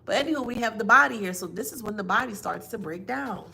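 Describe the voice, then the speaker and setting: A woman gives a casual spiritual reading to viewers in a somewhat high voice. She talks bluntly and with emphasis, and drops mocking asides. A faint hiss sits under her voice. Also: lively intonation, fast, creaky, bright, forceful tone.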